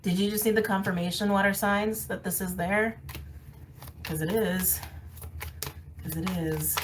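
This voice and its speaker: A woman's voice: medium pitch, steady tone, unhurried, distant mic, slight background noise, rough recording. A woman giving a casual tarot card reading, candid and emphatic, often laughing and repeating phrases for emphasis. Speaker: tarot reader. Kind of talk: casual intuitive reading to camera.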